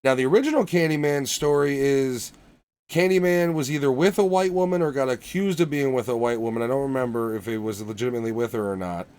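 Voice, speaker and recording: A man's voice: mid-range voice, quick pace, a little mellow, clear, resonant tone. A man co-hosting a podcast, ranting in casual, profane, emphatic chat. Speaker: podcast co-host.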